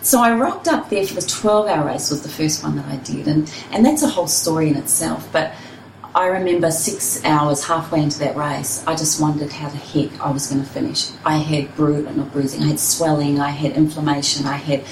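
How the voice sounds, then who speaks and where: Woman, expressive storyteller, slightly low voice, roomy echo, faint ambience. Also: fairly quick, creaky, distant mic, a little hiss or hum. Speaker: ultrarunner and personal trainer. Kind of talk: storytelling interview.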